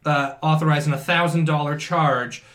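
A man's voice: a little high, steady tone, normal speed, a bit bright. A man improvising a comedy sketch in a hesitant, stammering, playful way. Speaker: comedy podcast host.

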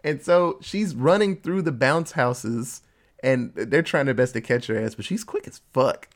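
A man casually recapping a TV episode with a co-host, telling it in an animated way and popping into quick voices for the characters. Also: mid-range voice. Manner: animated storytelling with quick voice switches for quoted characters. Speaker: podcast co-host.

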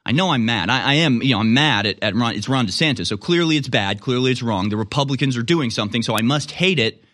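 A man's voice: medium pitch, animated, a bit bright, natural voice. Man putting on a muddled partisan talking to himself. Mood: mock confusion. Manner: mocking, halting self-talk. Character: confused mocked male partisan talking to himself.

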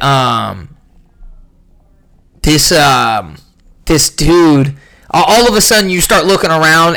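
A young man ranting casually about a fight event, profane and rambling, clearly irritated. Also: a little high, pushed and bright. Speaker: podcast host recapping a fight event.

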